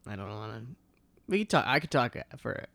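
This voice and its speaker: A man's voice: mid-range voice, very animated, brisk, vocal fry, bright, forceful tone, no echo. A man hosting a casual podcast chat, rambling and hesitant with many fillers. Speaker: podcast host.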